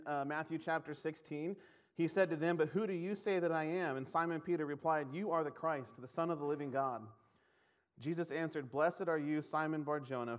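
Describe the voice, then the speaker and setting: A man preaching a conversational sermon, often laughing and acting out scripture lines in his own voice. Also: fairly high pitch.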